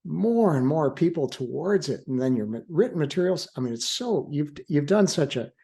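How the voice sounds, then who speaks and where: A man's voice: fairly high pitch, animated, moderate pace, vocal fry, warm tone, slightly rough. An older man, a guest in an interview, speaking earnestly in a reflective, conversational way with frequent restarts and fillers. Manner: earnest, laughs easily. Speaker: guest, attorney in recovery.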